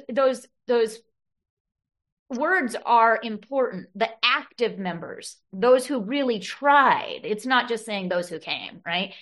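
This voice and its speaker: A woman's voice: on the high side, a bit bright. Woman talking earnest at a recovery meeting, lots of ums, quoting passages. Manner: earnest, quotes text, many fillers. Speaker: meeting member sharing.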